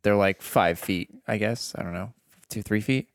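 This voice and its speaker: Male game master, mid-pitched, relaxed hesitant narration, dry close recording. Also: normal speed, no echo. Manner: casual, hesitant with fillers.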